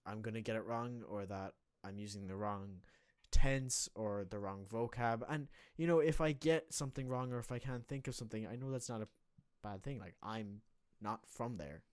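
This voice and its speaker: A man's voice: fairly low pitch, normal speed, hardly any pauses, smooth, no room sound, studio quality. A young Irish man chatting casually as a podcast co-host, rambling with many restarts and fillers. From Ireland. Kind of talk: casual chat.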